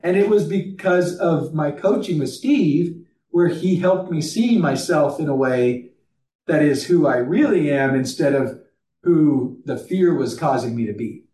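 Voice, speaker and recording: A man's voice: fairly high pitch, animated, measured pace, mellow, distant mic. Earnest man telling a story, roomy and off-mic. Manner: earnest storytelling, frequent restarts and fillers. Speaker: guest, company CEO. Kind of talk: conversational podcast interview.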